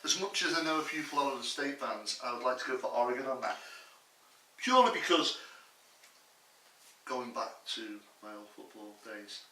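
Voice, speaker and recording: A man's voice: mid-range voice, lively intonation, normal speed, pauses often, sharp tone. A man co-hosting a casual comedy sports chat, joking and teasing the others. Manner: jokey, teasing, breaks into laughter. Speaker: co-host. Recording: echoey room, far from the mic, background noise.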